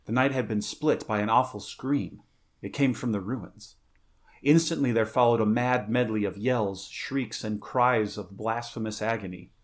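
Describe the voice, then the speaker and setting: A man reading a pulp adventure story aloud in a steady, measured way, breaking off for halting, casual chat. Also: on the low side.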